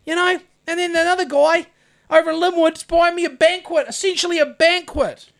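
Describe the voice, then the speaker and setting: A man's voice: extremely high pitch, a little fast, creaky, a bit bright. Ranting, sweary New Zealand man. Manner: sarcastic, profane ranting. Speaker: podcast co-host. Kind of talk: casual podcast banter.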